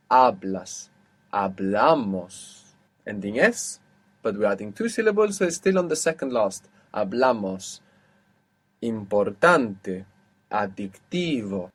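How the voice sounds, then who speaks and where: A man teaching an audio language lesson, patiently asking questions and repeating words slowly. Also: medium pitch, husky.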